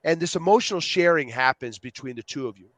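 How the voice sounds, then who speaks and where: A man being interviewed as a youth program co-founder, explaining ideas with lively acted-out quotes. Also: fairly high pitch, quick pace, dry recording. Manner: animated storyteller, acts out quotes. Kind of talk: podcast interview.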